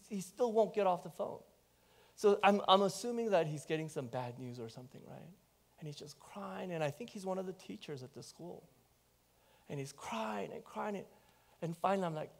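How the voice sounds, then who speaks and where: A man preaching a sermon as pastor, telling a personal story in an animated way and talking straight to the congregation. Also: a little high, gravelly. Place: church.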